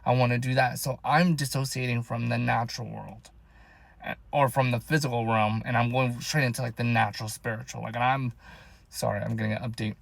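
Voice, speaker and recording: Young man, rambling emotional faith vlog, mid-pitched voice, dry close sound. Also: fairly even intonation, a little fast, gravelly, no room sound. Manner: rambling, emotional, heavy use of "like". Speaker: vlogger. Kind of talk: casual personal faith talk.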